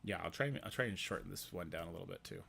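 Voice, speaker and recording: A man's voice: sits low, lively intonation, rapid-fire, creaky, pushed and bright, slight background noise. A man streaming a game, out of breath, chatting casually and thinking aloud with self-deprecating asides. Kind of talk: casual live-stream commentary.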